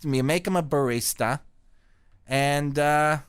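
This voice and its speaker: A middle-aged man from Canada hosting a podcast, telling rambling stories in a crude, deadpan comic way. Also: fairly high pitch, slow, clear, resonant tone, dry recording, studio quality. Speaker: podcast host. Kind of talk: casual profane storytelling.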